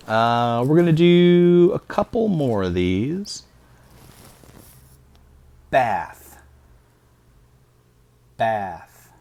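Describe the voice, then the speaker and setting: A man teaching a phonics lesson, sounding out each word slowly and deliberately. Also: mid-range voice, very animated, mellow, clear, resonant tone, lo-fi sound. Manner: slow, deliberate sounding out of words.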